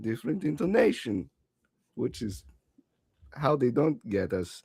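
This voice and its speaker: Slow, gravelly wry man. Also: mid-range voice, very animated, darkish tone, no room sound. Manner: dry, wry humor. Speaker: player. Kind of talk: casual chat.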